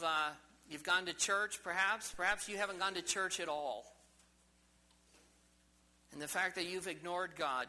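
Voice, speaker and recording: A man's voice: a little high, pushed and bright, low-quality recording. A man preaching a sermon in a church service, emphatic and full of rhetorical questions to the congregation. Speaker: pastor.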